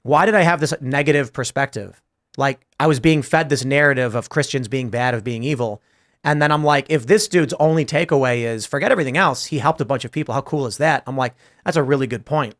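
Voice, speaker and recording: A man's voice: mid-range voice, a little fast, a bit bright. Man telling a story on a talk show. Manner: storytelling, acting out both sides of a conversation; thinking aloud through abstract ideas. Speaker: podcast host. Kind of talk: casual panel talk.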